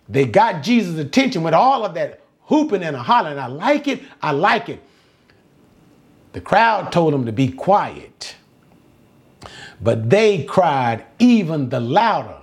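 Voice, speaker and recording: A man's voice: a little high, sing-song, a little slow. A man preaching a sermon, impassioned, repeating phrases and drawing out words for emphasis.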